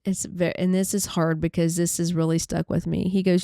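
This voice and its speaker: A woman podcast host recounting a painful personal story in a halting, conversational way with many restarts. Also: lowish voice, level tone, vocal fry, mellow, no room sound, clean studio sound.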